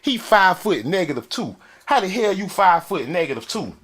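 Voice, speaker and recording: A man delivering a loud, profane, mocking comedic rant on a desk mic with a soundboard. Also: sits high, very animated, normal speed, heavy background noise. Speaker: comedic commentator.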